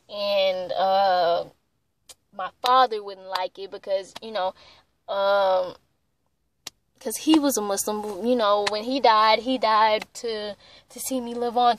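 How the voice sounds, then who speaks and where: A young woman tells a heated, profane story in a casual vlog, full of "like". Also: medium pitch. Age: young adult. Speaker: vlogger.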